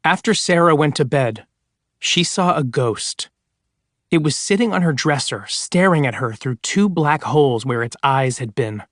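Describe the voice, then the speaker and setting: A man's voice: a little high, animated, unhurried, a bit bright, no echo, clean studio sound. A man narrating an audiobook of scary stories with dramatic storytelling. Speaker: audiobook reader.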